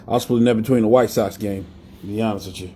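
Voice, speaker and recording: A man's voice: on the low side, steady tone, fast talker, dark tone, slight background noise. A man hosting a live wrestling talk show in a blunt, profane, rambling way. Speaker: podcast host. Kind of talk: casual live-stream rant.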